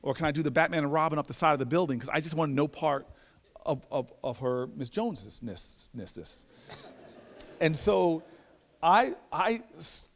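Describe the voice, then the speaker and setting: Male lecturer, lively self-mocking storyteller, raised pitch swinging widely, reverberant hall. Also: moderate pace. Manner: animated, self-mocking, with stammered repeats. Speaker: guest lecturer. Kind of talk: storytelling speech.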